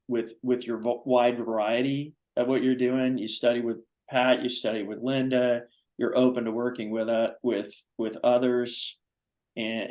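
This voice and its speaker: A man hosting a foundation's live video-call show, chatting enthusiastically in a rambling way with many pauses. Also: mid-range voice, darkish tone, rough recording. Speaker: foundation vice president and host. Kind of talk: casual Zoom talk show chat.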